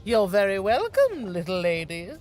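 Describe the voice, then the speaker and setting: A woman's voice: medium pitch, huge pitch swings, moderate pace, a little mellow. An actress playing a snobbish aristocratic lady in a video game, scornfully scolding someone about titles and manners. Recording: game audio with music behind.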